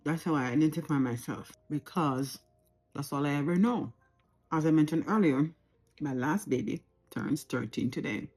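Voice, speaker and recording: Jamaican woman, forties, mellow and warm tone, unscripted reflective to-camera talk from home. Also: sits low, lively intonation, normal speed, slightly rough, soft background music. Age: 40s. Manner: reflective, earnest, repeats phrases for emphasis. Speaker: vlogger.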